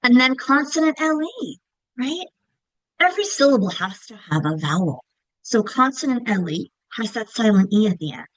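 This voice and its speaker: A woman's voice: fairly high pitch, sing-song, normal speed, no echo, low-quality recording. Woman teacher explaining with examples. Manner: friendly, explains with examples and checks in with okay. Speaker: literacy teacher trainer. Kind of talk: recorded teaching presentation.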